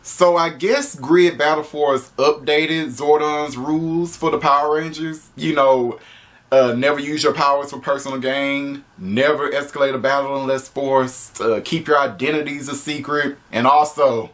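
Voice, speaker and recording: A man giving a casual spoken video review, animated and profane, often breaking into laughter. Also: medium pitch, moderate pace.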